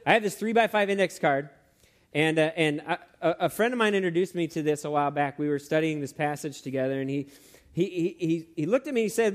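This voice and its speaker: A man preaching a sermon who tells stories in an animated way, with many fillers and restarts. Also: fairly high pitch, fast talker.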